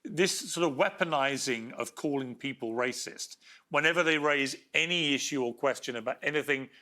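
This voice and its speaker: A man's voice: medium pitch, normal speed, bright, forceful tone. A man hosting a TV talk show, reading a scripted intro and questioning a guest. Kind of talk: interviewing a guest.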